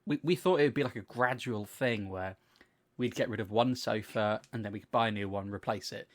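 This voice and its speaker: A young man co-hosting a podcast, telling long animated stories in casual chat, swearing freely and acting out what people said. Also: fairly low pitch, a little fast. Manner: animated storytelling, swears freely, acts out quotes. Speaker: podcast co-host.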